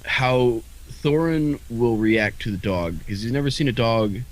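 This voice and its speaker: A man's voice: mid-range voice, measured pace, rough recording. A man co-hosting a podcast in casual chat, talking in a rambling, hesitant way with frequent restarts and the odd swear word. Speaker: podcast co-host.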